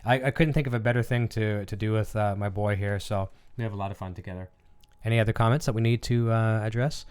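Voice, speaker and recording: A man's voice: lowish voice, steady tone, fast talker, darkish tone, clear, resonant tone. A man hosting a casual live-stream chat with his son, talking loosely and filling gaps with ums and uhs. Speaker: channel host and father.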